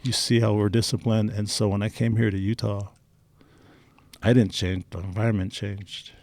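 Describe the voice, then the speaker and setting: A man's voice: lowish voice, little pitch movement, normal speed, darkish tone, no room sound. A middle-aged man telling personal stories in a casual interview, candid and blunt. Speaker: interview guest.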